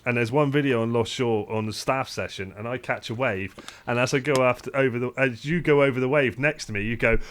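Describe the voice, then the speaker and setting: Male podcast host, middle pitch, casual and rambling, swears freely. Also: fairly quick, few pauses, a bit bright, slight background noise. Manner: rambling, restarts a lot, swears. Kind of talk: casual chat.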